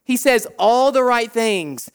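A man preaching a sermon as a pastor, animated, acting out the people's complaints in short bursts. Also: extremely high pitch, takes it slowly, smooth.

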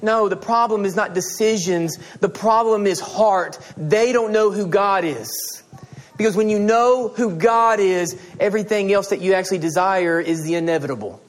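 A man's voice: high voice, normal speed. A man preaching a sermon as a pastor, pleading and emphatic, repeating his appeals to the congregation. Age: adult with children and a wife.

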